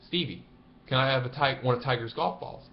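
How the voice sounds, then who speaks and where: A man putting on a squeaky drunk young fan. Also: a little fast, lo-fi sound, a little hiss or hum, close to an everyday voice. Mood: eager. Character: drunk, confused young male golf fan.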